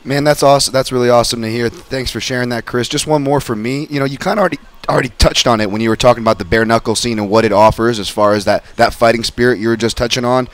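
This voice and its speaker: A man working as a fight analyst on a radio show, asking a guest long questions full of fillers and restarts. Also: medium pitch. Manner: fast, many fillers and restarts.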